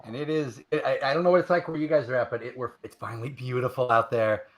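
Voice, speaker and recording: A man's voice: medium pitch, steady tone, fast. A man hosting a casual chat on a video call, friendly and asking the guests questions. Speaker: host.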